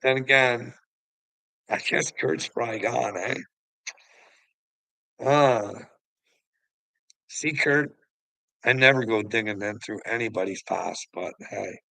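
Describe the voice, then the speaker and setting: A man's voice: medium pitch, slow pace, vocal fry, pauses often, pushed and bright, no echo, rough recording. A man ranting on a livestream, preachy and taunting, swearing and mocking the person he addresses. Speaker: channel host. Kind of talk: confrontational livestream rant.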